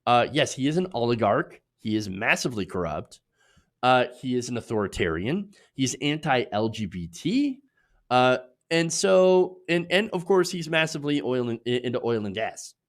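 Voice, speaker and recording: A man delivers political commentary in an opinionated, conversational way. His pitch swings widely as he argues his points, sitting at a middling register. He leans on fillers and tag questions as he goes. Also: moderate pace. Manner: animated, opinionated, filler-heavy delivery with frequent "uh" and "right?".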